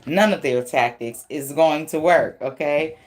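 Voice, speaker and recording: A woman's voice: deep voice, a little slow, a little mellow. A woman giving a casual tarot reading, blunt and profane, laughing often as she talks. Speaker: tarot reader.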